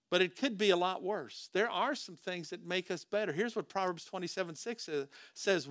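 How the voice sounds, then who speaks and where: A male pastor delivers a sermon in a high, bright voice. He speaks conversationally, firing rhetorical questions at the congregation and often restarting his phrases. The sound is dry and close. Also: no room sound.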